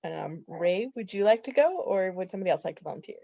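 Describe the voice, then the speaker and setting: A woman's voice: lowish voice, animated, fast, vocal fry, mellow, no room sound. An upbeat woman hosts a club meeting over a video call and rambles cheerfully. Her sound is dry and close. The audio is dull and lo-fi. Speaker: meeting host leading table topics.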